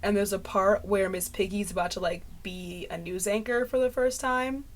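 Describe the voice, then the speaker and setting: Speaking at normal speed in a medium-pitched, steady voice, a woman rambles through a casual talking-head vlog, laughing at herself as she goes. Her mic sits close to clipping.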